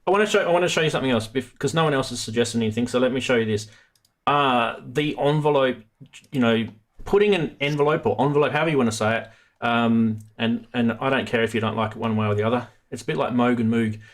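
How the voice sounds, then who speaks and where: A man's voice: medium pitch, fast talker. A man hosting a live stream about synth modules, chatting casually and rambling with many restarts. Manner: rambling, self-interrupting, chatty.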